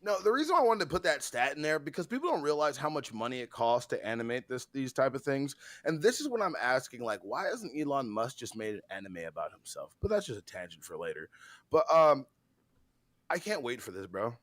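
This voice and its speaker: A man's voice: medium pitch, fairly quick, no room sound. Tired guy cohosting, gets hyped and swears, dry close sound, mid voice. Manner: excitable, swears a lot, trails off. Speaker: podcast co-host. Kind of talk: casual chat.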